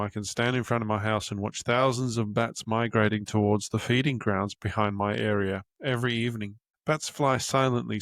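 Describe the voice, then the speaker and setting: A man's voice: fairly low pitch, gravelly, dry recording, studio quality. A young man hosting a podcast, reading aloud from his own book with casual, candid asides and the odd swear word. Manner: candid and casual, swears freely, stops to find his place. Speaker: podcast host and author.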